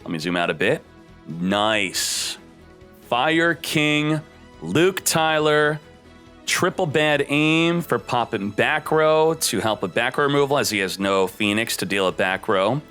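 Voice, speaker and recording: Bright, energetic male streamer, a bit breathless. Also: moderate pace, faint music behind. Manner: energetic, punchy, jumps up in pitch for emphasis. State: slightly out of breath. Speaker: streamer and host of a card game channel. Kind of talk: hyped deck-review commentary.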